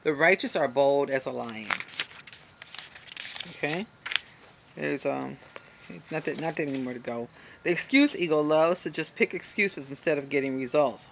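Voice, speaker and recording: A woman's voice: deep voice, normal speed, creaky, long pauses, a bit bright, a little hiss or hum. A woman giving an earnest, encouraging self-help talk to a hand-held camera. She reads from a book with lots of ums and little asides. Faint crickets chirp in the background. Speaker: motivational self-help speaker. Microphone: self-filmed, camera held in hand at arm's length.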